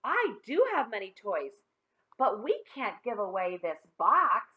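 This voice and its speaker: A woman's voice: medium pitch, sing-song, a little slow, sharp tone, dull audio. A woman voicing a dramatic young boy in a storybook who pleads to keep his toys. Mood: scheming. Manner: pleading, melodramatic whine.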